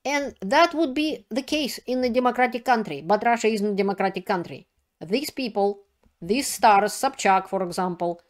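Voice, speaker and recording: A political commentator, this woman has a slightly high voice and talks at normal speed. In broken, non-native English, she offers a video commentary that is indignant, emphatic and plain-spoken.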